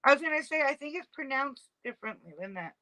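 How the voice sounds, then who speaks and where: A woman chatting casually as co-host, thinking out loud. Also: sits high, animated, fast talker, no echo, low-quality recording. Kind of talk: casual chat.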